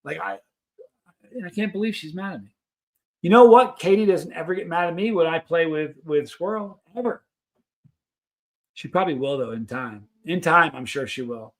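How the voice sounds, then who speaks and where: A man's voice: on the high side, moderate pace, pauses often. A man hosting a live stream, chatting casually and reading out viewer comments in a rambling, friendly way.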